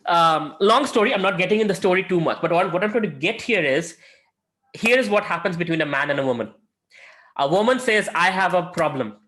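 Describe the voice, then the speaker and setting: A man's voice: medium pitch, a bit bright. A man giving an informal spiritual lesson as a lecturer and mentor, talking conversationally with frequent filler sounds and acted-out quotes.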